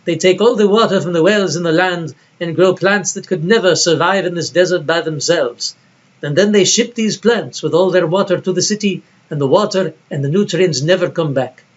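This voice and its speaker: A man voicing a proud male Bedouin herder in a measured, stately accent from an old film, in a dull lo-fi recording. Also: sits high.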